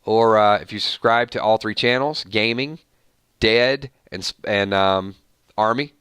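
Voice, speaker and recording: A man hosting a live stream in an easy, chatty way, running through viewer shout-outs one after another. His voice is bright and forceful, with a smooth, crisp tone. The sound is dry and close, with no room echo. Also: fairly low pitch, steady tone, a little slow. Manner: rattles off long lists of viewer names and thanks. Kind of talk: casual live stream chat.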